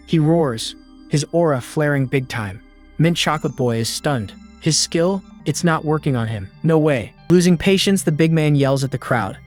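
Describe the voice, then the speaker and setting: A male recap narrator reads a scripted story, dropping slangy, punchy quips between the beats. His voice sits fairly high for a man. Soft music plays underneath. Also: lively intonation, normal speed. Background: faint background music.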